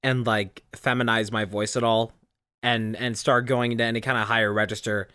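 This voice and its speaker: A podcast co-host and streamer in casual chat, speaking in a relaxed, untensed chest voice. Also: mid-range voice, moderate pace, no room sound, clean studio sound.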